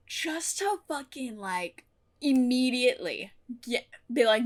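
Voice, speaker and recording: Young woman, kinda high voice, chatty and sweary, laughing her way through an episode recap. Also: unhurried. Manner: chatty, animated, swears a lot and laughs often. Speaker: TV reaction YouTuber. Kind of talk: casual episode recap and review.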